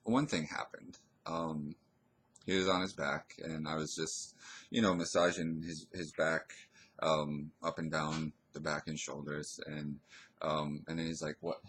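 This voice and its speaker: A man telling a personal story in a casual, hesitant way, pausing and restarting often. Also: rumbling low, level tone, a bit bright, husky. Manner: hesitant, rambling, full of pauses and restarts.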